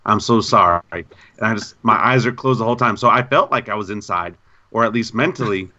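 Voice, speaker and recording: A man co-hosting a gaming podcast in casual chat, an animated storyteller who repeats himself. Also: on the low side, brisk, dull audio. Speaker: podcast co-host.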